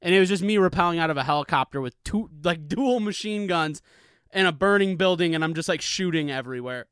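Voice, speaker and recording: A man in his thirties with a slightly high, smooth, resonant voice rambles through a casual solo podcast, swearing freely and drifting from story to story. He is recorded dry and close on a studio microphone with a pop filter. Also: fairly quick, a bit bright, no room sound. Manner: rambling, profane, laid-back. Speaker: podcast host.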